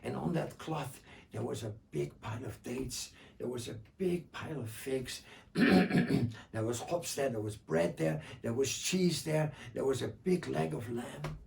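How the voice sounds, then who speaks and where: Gravelly-voiced man telling folk tales. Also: mid-range voice, unhurried, darkish tone, a little hiss or hum. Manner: rhythmic, repeating phrases, frequent throat-clearing. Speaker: storyteller. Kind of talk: oral storytelling performance. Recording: distant mic.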